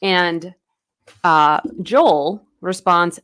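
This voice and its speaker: A woman on the low side of the range, fairly bright and clean in tone, speaks at a measured pace. Co-hosting a podcast, she casually recaps a novel, retelling its plot chattily and acting out dialogue in quoted bits.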